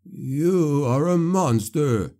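A horrified, defiant priest, voiced by a male narrator pleads in a raised, strained voice, slow and anguished in a dark storybook reading. The pitch climbs well above the narrator's own. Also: expressive.

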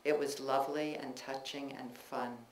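A woman reads her own personal essays to a live audience in a bookstore, in a measured, reflective way, with loose chatty asides between the pieces. Her voice carries an echo from the room, and a faint ambient hum sits behind it. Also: a bass voice, flat delivery. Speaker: author reading her own work. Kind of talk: public reading of personal essays.

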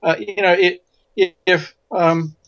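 Male interview guest, high voice, emphatic and anecdotal, muffled lo-fi sound. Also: steady tone, unhurried, fairly bright tone, no room sound. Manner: emphatic storyteller who repeats words for stress. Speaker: physician and guest. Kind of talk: interview conversation. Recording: dull lo-fi audio.

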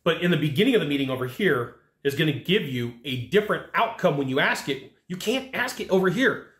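A man delivers a casual sales lesson with lots of energy, rattling along at a quick clip and acting out little back-and-forth dialogues. His voice sits a bit high, and the room around him gives off a clear echo. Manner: energetic and amped up. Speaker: sales trainer and channel host. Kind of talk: casual talking-head video lesson.

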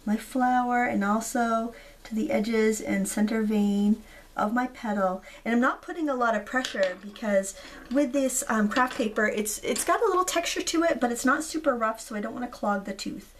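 Hoarse woman chatting through a craft tutorial. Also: a little high, moderate pace, slight background noise. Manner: chatty, relaxed, frequent ums. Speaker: craft video host. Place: indoors at a craft table.

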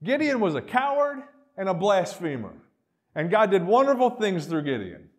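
A middle-aged male pastor preaching a sermon, animated, acting out quoted voices and dropping to quiet asides. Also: high-pitched, moderate pace.

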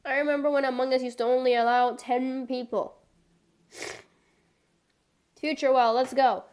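A woman's voice: high-pitched, level tone, moderate pace, pauses often, a little mellow. A young woman streaming a game, chatting casually in a rambling way full of filler words, playful and given to mock-dramatic outbursts. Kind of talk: casual gameplay chat.

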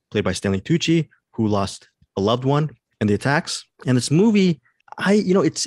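A man's voice: medium pitch, dry recording, clean studio sound. A man hosting a podcast, chatting casually and eagerly about a new movie, often restarting his sentences. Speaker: podcast host. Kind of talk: casual movie review chat.

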